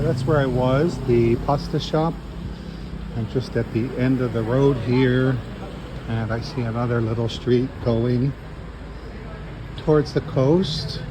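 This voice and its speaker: Man vlogger, unhurried delivery, mid-pitched, outdoor street noise behind. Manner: relaxed, thinking aloud while walking. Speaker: travel vlogger. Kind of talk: casual walking travel vlog. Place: outdoors on a city seaside street.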